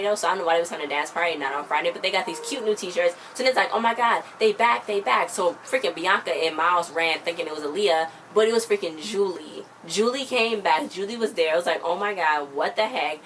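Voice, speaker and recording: Talking fast with few pauses, a young woman recaps a TV episode in a chatty, opinionated way and slips into little character voices. Her slightly low, slightly bright voice comes with faint noise behind it.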